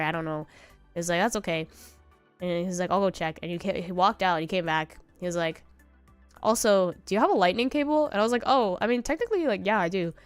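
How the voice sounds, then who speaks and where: Her voice is fairly low and clean-toned. Streaming from home, this young woman chats casually and spins meandering stories, laughing often and slipping into quoted voices.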